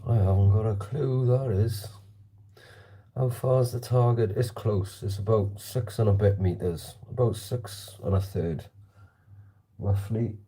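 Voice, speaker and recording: A man's voice: fairly low pitch, unhurried, warm tone, husky. A man vlogging casually while shooting targets with a slingshot, chatting and answering viewer comments. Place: indoor hallway.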